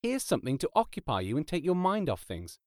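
A man plays a young woman with a bright, compassionate yet firm tone, pitched above his own voice. The recording is dry and close. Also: sing-song, fairly quick, no room sound.

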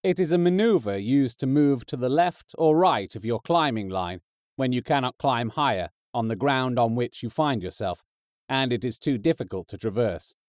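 A man reads the narration of an audiobook in a steady, measured way. His voice sits at a middle pitch. The sound is dry and close. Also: dry recording.

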